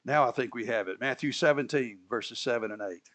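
A man's voice: medium pitch, brisk, a bit bright. A man preaching a sermon, telling the story with energy, acting out the characters' lines and laughing at his own asides. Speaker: pastor.

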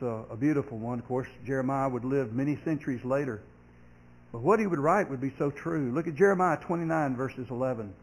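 A man, a pastor, preaching a sermon, earnest, growing loud and sharp when he acts out complaining voices and dropping soft for comfort. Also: fairly high pitch, rough recording.

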